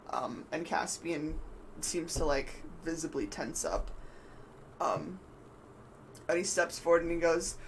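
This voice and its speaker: A man's voice: on the high side, fairly bright tone, slight background noise, rough recording. A man narrating as game master, rambling with many fillers. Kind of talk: narrating a tabletop game on a live stream.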